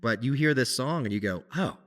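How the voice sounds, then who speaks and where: A man co-hosting a podcast, talking in a casual, animated way with many restarts. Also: medium pitch, brisk. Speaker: podcast co-host, musician. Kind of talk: casual conversation.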